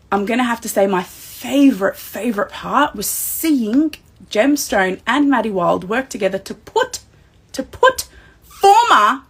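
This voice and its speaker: An Australian woman with a voice on the high side hosts a wrestling recap livestream. She talks directly to the fans, excitable and emotional.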